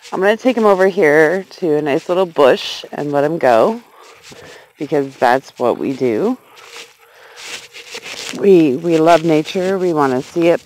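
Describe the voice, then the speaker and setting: A woman's voice: lowish voice, darkish tone, poor audio. A woman vlogging outdoors at night on her phone, gushing and giggling as she coaxes a grasshopper onto her hand. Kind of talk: excited casual vlog. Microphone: handheld phone camera.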